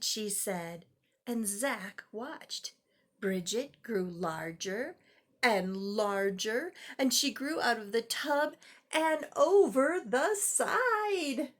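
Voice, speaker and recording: An older woman reading a picture book to children, with animated, exclaiming asides to the listener. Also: on the high side, takes it slowly. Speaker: storyteller grandmother.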